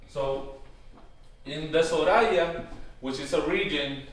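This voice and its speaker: A man giving an informal workshop talk, hesitant and full of "um" and "you know", slowing down to spell out words. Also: on the high side. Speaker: workshop presenter on Taíno tradition. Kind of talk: informal teaching talk to a live group. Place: workshop room. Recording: very echoey room, far from the mic, faint noise.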